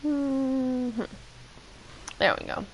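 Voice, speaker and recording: A woman's voice: high voice, drawn-out words, slight background noise, rough recording. A woman streamer reading game dialogue aloud and chatting between the lines, in a dramatic, chatty way.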